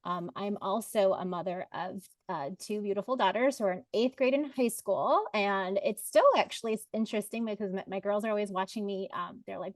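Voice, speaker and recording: A woman's voice: mid-range voice, brisk, few pauses, dry recording. A woman in her forties, a literacy coach, introducing herself on a panel in a chatty way with many fillers and self-corrections.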